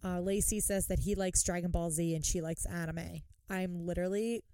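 A woman co-hosting a podcast, chatting casually and swearing freely as she recaps a TV episode with animated retellings. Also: fairly low pitch, normal speed, smooth, no echo. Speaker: podcast co-host. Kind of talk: casual chat recapping a TV show.

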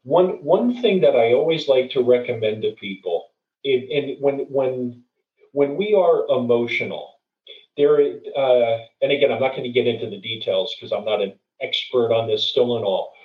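A middle-aged male guest speaker, medium-pitched and at normal speed, tells a story and offers advice in an earnest, conversational way, often restarting and repeating words. He sits well back from the mic, so he sounds distant with a roomy echo, and the recording is dull and lo-fi.

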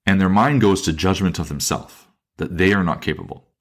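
This is a solo, reflective podcast monologue from its host, a fitness coach with a deep male voice. His manner is thoughtful and sincere; he often circles back on phrases, starts over, and eases his pace to drive points home.

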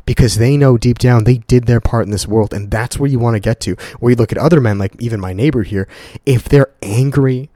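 A man's voice: medium pitch, fairly quick, dark tone, dry recording, studio quality. A young man hosting a casual motivational podcast on his own. He talks to his listeners in an earnest, profane way and repeats words for emphasis. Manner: speaks straight to listeners as "guys". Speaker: podcast host. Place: at home in a condo.

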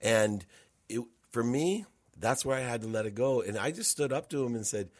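A man's voice: mid-range voice, lively intonation, normal speed, a little mellow, no room sound, clean studio sound. A middle-aged man, a podcast guest, telling his story candidly and emphatically, repeating words and restarting sentences. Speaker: podcast guest, entrepreneur and coach. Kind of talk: candid personal storytelling in conversation.

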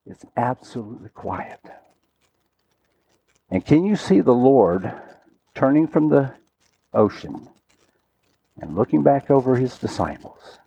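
A man preaching a sermon, telling a story dramatically and swinging from loud, urgent lines to hushed, quiet ones. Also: mid-range voice, sing-song, unhurried, creaky, long pauses, husky.

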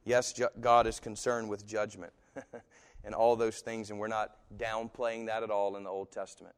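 A male pastor preaching an animated sermon that swings from soft to loud, with voices acted into the quotes. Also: fairly low pitch, moderate pace, smooth. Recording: long hall reverb.

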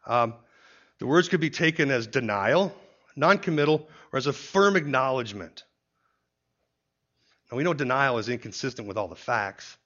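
A man leads a verse-by-verse Bible teaching in an even, explanatory way, often pausing to say "see" before a point. His voice sits at an ordinary middle pitch. The recording is dull and lo-fi.

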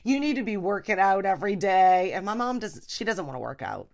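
A woman hosting a podcast, ranting about family life in a casual comedic way and slipping into a high, mimicking voice. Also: a little fast, creaky. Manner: animated, mimics her mother in a high voice. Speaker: podcast host.

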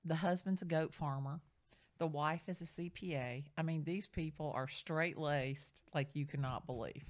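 A middle-aged woman in casual chat, telling a story with lively, acted-out quotes. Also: low-pitched, normal speed. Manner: animated storyteller, acts out quoted voices. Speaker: real estate agent.

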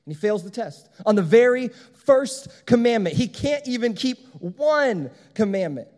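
A man's voice: very high voice, big pitch swings, normal speed, darkish tone. A man preaching a sermon as pastor, emphatic and repeating his key phrases. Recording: long hall reverb.

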